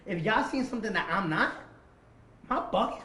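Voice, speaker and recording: Young new guy telling his story, slangy and animated, kinda high voice, echoey room. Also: brisk. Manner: animated, acts out quoted dialogue, street slang. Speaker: guest. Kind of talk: confessional storytelling. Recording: roomy echo.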